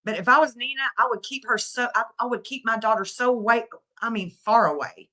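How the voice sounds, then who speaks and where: Indignant middle-aged woman, bright voice. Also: fairly high pitch, brisk. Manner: indignant, scolding, repeats phrases for emphasis. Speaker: livestream commentator. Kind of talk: emotional commentary livestream.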